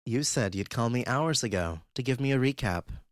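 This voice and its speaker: In an audiobook, a man with an animated, natural mid-range voice plays an irritated, foul-mouthed teenage girl just woken in the middle of the night, pitching it above his own voice. She comes across sharp, impatient and swearing, at a moderate pace, in a dry, clean studio recording.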